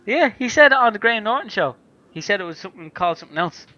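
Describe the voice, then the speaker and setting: A man's voice: high voice, lively intonation, very fast, pushed and bright, muffled recording. A man, co-hosting a podcast in casual chat, laughing easily and using slang. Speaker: podcast co-host.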